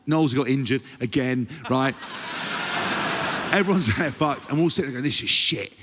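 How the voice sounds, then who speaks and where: A man's voice: mid-range voice, normal speed, long reverb tail, background noise. An English man hosting a podcast on stage, telling a rowdy, sweary story and mimicking other people as he goes. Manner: animated storyteller, heavy swearing, acts out other people's voices. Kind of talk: live comedic anecdote. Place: live show in a large venue.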